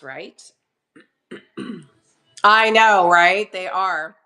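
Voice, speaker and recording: A woman with a medium-pitched, sharp-toned voice chats casually during a live online auction in her kitchen. She greets viewers by name while she recovers from a cough.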